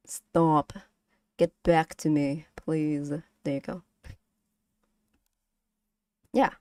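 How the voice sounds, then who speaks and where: Woman, casual lesson stream, patient, drawn-out delivery. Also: deep voice, steady tone, darkish tone, no echo. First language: Vietnamese. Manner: patient, repeats and models tones, giggles often. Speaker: streamer teaching Vietnamese.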